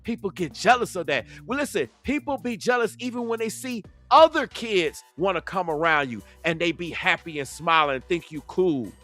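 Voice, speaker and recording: A man's voice: sits high, lively intonation, normal speed, few pauses, sharp tone, soft background music. A man hosting a livestream commentary, preachy and emphatic, stretching words out in a sing-song way. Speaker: commentary channel host.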